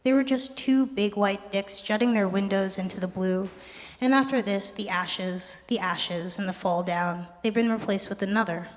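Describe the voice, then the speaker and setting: A young adult poet giving a poetry reading with a wry, conversational, deadpan delivery. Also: mid-range voice, moderate pace. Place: art gallery performance space. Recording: long reverb of a gallery hall.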